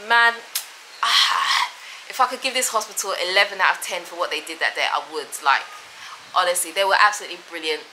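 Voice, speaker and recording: A woman's voice: lowish voice, fairly quick, bright, forceful tone, a little hiss or hum, rough recording. A woman vlogger talking casually to camera, rambling and emphatic, often repeating herself. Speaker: vlogger and mother.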